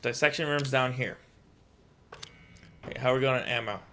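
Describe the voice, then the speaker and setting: A man's voice: mid-range voice, moderate pace, pushed and bright, a little hiss or hum. A young man playing a horror game and chatting to viewers. He gets jumpy and talks to himself as he plays. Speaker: gaming streamer. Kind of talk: casual let's-play commentary.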